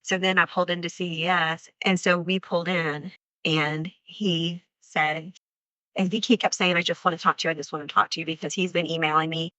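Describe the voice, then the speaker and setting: Woman, survivor telling her story, halting with many fillers, bright tense voice, dull lo-fi archive recording. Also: on the low side, flat delivery, no echo. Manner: halting, full of fillers, acting out quoted speech. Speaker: crime survivor recounting an attack. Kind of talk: unscripted interview account.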